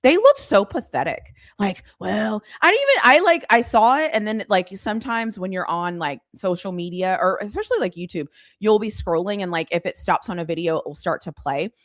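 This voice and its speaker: A sports commentary host rants bluntly and sarcastically in a casual live-stream chat, sounding animated and exasperated. Her medium-pitched voice moves fairly quickly with few pauses. The recording is dry and clean, studio quality.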